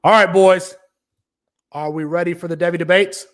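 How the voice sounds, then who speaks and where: A man with a notably high speaking voice hosts a casual sports podcast. He talks loosely and jokes around with his co-hosts between questions. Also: fairly even intonation, normal speed, fairly bright tone. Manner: mock-formal courtroom argument, then loose banter. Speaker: podcast host.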